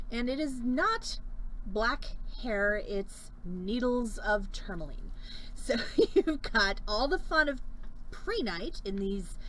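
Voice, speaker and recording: A woman's voice: medium pitch, fairly bright tone, slight background noise, poor audio. Chatty woman selling beads on a live stream. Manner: chatty, rambling, laughs often. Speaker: live-stream bead seller.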